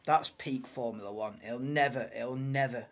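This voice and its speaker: A man's voice: medium pitch, moderate pace. A man hosting a live watchalong, casual banter-heavy commentary that swears and laughs at his own jokes.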